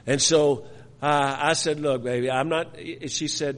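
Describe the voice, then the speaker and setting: A man's voice: mid-range voice, steady tone, unhurried, slight background noise. Man preaching in a reverberant hall. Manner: storytelling, repeats words, many restarts. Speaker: pastor. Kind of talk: sermon with personal story.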